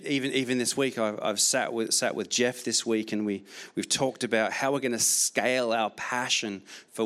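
A man's voice: lowish voice, fairly bright tone. Man preaching with emphatic repetition. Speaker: pastor. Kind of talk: sermon.

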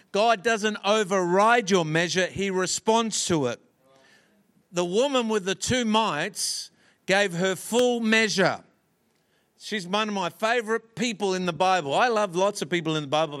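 A man preaching a sermon as a visiting pastor, delivering lines slowly and with emphatic pauses. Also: sits high, fairly bright tone. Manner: preaching with slow emphatic pauses and acted-out story voices. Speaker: guest pastor.

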